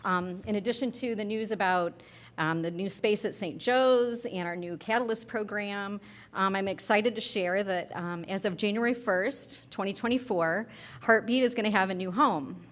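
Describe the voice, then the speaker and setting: A woman's voice: mid-range voice, normal speed. A woman, the board treasurer, giving an earnest banquet update with many filler "ums". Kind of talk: banquet speech.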